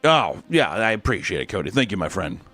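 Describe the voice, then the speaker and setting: A man's voice: lowish voice, very animated, fairly quick, fairly bright tone, dry recording, soft background music. A young man streaming, reading out fan messages in a crude, joking, sarcastic casual chat.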